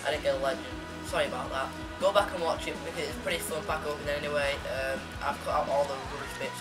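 Excitable young gamer, loud music behind. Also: male voice, on the high side. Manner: excitable, yells and sings at goals. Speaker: gaming YouTuber. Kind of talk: live game commentary. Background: loud background music.

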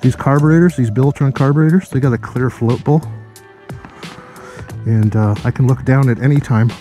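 A man's voice: medium pitch, normal speed, warm tone, faint music behind. A man giving casual, jokey, rambling motovlog narration while riding through town and talking to viewers as kids. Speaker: motorcycle vlogger. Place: riding a motorcycle through town streets, later indoors.

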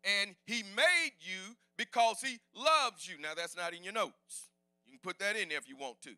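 Shouting, high-voiced, bright male preacher. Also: lively intonation, moderate pace, no room sound, studio quality. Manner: preaching with call-and-response, rising to shouts. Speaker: pastor. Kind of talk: sermon. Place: church sanctuary.

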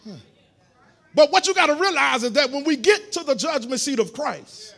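A man preaching a sermon in a church, repeating his words as he goes and swelling into shouted preaching. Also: very high voice, animated, normal speed, creaky. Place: church sanctuary.

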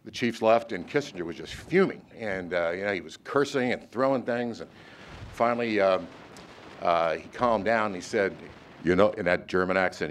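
An older man, a former naval officer hosting the event, telling a story with many pauses and filler sounds. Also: low voice, slight background noise. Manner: halting, lots of uhs. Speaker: event host. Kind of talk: closing remarks and anecdote.

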